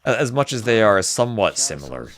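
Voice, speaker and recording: A man casting a live strategy game, mixing chatty storytelling asides with excited play-by-play calls. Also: lowish voice, fast talker. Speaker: esports caster. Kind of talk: live game commentary with casual chat.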